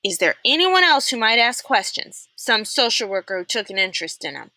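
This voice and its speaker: A woman voicing a cold, menacing female camp warden in a read-aloud, asking clipped, probing questions in a bright voice. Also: a little high, very animated, fairly quick, no echo, voice pushed up.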